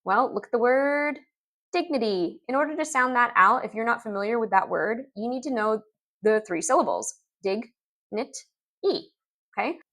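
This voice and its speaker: A woman's voice: on the high side, animated, a bit bright. Upbeat woman teaching phonics. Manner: upbeat, sounds out letters and words slowly. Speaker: literacy teacher. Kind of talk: instructional explainer video.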